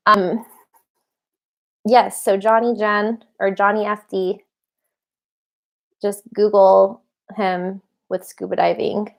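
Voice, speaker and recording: Chatty woman hosting a livestream. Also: mid-range voice. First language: English. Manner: chatty, laughs often, rambling asides. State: a little tired and hungover. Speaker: livestream host. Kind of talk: casual livestream chat.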